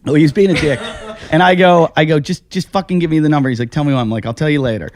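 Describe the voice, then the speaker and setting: A man hosting a casual podcast, telling a long comic story and acting out his own yelling. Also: fairly high pitch, quick pace. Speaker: podcast host. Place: house.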